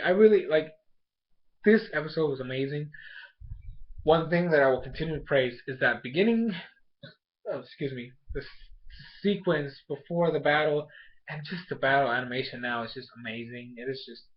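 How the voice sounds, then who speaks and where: A young man casually recapping and reviewing an anime episode, rambling excitedly with lots of fillers and restarts. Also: medium pitch, normal speed, long pauses. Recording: dull lo-fi home recording.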